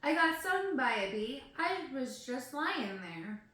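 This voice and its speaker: A woman with a high, sing-song voice reads poetry slowly, her tone bright and forceful, in a heavily echoing room. Stumbling on difficult words makes her laugh at herself, and she chats in between pieces.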